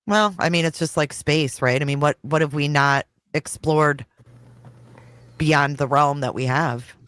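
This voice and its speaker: An easygoing, chatty man on a live stream, his voice a touch high and close to a dry mic. He tells stories in a relaxed way. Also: measured pace, smooth, dry recording. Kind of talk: casual live stream chat.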